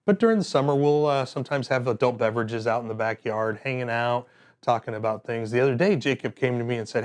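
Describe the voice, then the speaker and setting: Guy running a safety training class, middle pitch, chatty storytelling with lots of ums. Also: fast talker. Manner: conversational, with frequent fillers and restarts. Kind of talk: classroom lecture with personal stories.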